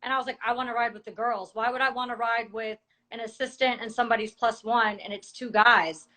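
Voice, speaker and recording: Bright insistent woman. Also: on the high side, steady tone, a little fast, rough recording. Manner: insistent, explaining at length. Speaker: cast member. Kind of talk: heated conversation.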